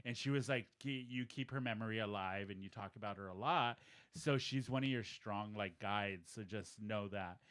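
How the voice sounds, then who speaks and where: A man's voice: on the low side, normal speed, a bit bright. A man co-hosting a podcast, animatedly retelling a story and acting out the quoted dialogue in a casual chat. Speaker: podcast co-host.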